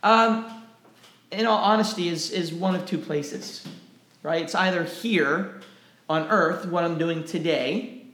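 A pastor with a fairly high voice preaches a sermon with animation, taking it slowly and tripping over repeated words as his energy builds. His voice rings through an echoey church room, with slight background noise.

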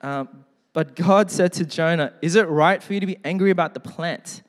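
Chatty pastor, higher voice, reverberant hall. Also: male voice, moderate pace. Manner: conversational, joking asides; reads scripture aloud. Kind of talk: sermon.

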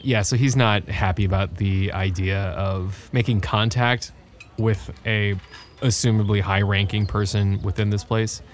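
A man playing a character in a tabletop game, gruff and swearing in mock outrage. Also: fairly low pitch, steady tone, measured pace. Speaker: player.

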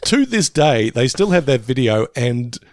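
A middle-aged Australian man with a gravelly, creaky voice, chatting on a podcast. His pitch swings widely as he jokes and swears, and he laughs often. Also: big pitch swings, unhurried, a little mellow, no room sound, clean studio sound. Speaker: podcast co-host. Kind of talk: casual chat.

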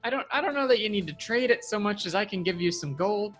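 A man's voice: high-pitched, lively intonation, quick pace, a bit bright, soft background music, voice pushed up. A man doing a drawling frontier shopkeeper woman. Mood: eager. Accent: put-on Southern drawl. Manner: folksy and welcoming. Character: friendly female shopkeeper with a folksy drawl.

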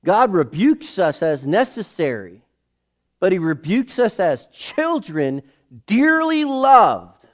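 A middle-aged male pastor preaching a sermon to his church, building to emphatic calls and dropping into hushed asides. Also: big pitch swings, slow pace. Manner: preaching with emphatic rises, drops to low acted inner voices.

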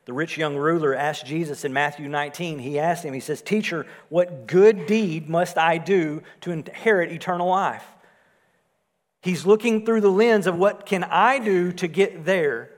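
A man preaching a sermon, swelling louder on his points and dropping soft and low on key phrases. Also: creaky. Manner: rises in volume for emphasis, drops low and soft on key phrases. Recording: long hall reverb.

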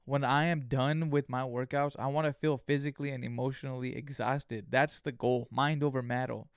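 A man's voice: mid-range voice, normal speed, clear, resonant tone, no echo, studio quality. A young man hosting a solo podcast, telling stories with heavy swearing and acting out his own thoughts. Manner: profane, animated storytelling, acts out his own inner voice. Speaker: podcast host.

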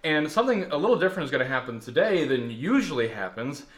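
Lively, laughing Southern-bred male host. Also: on the high side, fast talker. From US Deep South. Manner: laughing, rambling, self-mocking. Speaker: podcast host. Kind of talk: casual chat and play introduction. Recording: roomy echo.

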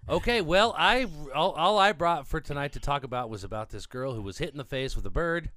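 A man co-hosting a podcast in casual chat, joking deadpan and making up nonsense words. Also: fairly high pitch, a little fast, dry recording. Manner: playful, deadpan jokes, makes up nonsense words. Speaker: podcast co-host.

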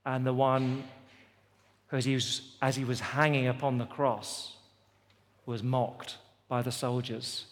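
A man's voice: medium pitch, flat delivery, unhurried, long pauses. Preaching man in a reverberant hall. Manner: emphatic, repetitive preaching cadence. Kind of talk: sermon. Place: festival venue.

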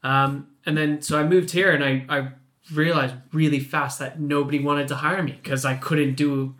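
A man's voice: a little high, moderate pace. Laughing Canadian man telling a story. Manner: laughs often, relaxed storytelling. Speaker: podcast guest, puppeteer. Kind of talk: casual chat.

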